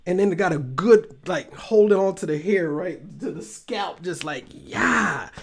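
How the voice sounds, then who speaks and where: A man's voice: high voice, normal speed, a little mellow. A man hosting his own talk show, chatting casually to his viewers with frequent laughter, repeated phrases and free swearing. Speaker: show host.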